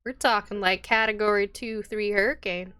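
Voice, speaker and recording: A woman's voice: mid-range voice, steady tone, moderate pace, sharp tone, clean tone. A woman narrating as game master in a tabletop game, casual and chatty with many fillers.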